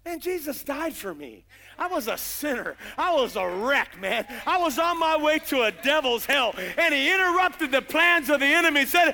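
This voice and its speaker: A middle-aged man preaching a fiery revival sermon, impassioned with shouted bursts and drawn-out emphasis, folksy in his speech. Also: extremely high pitch, big pitch swings, creaky, a little hiss or hum. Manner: folksy, uses "gotta" and "ain't".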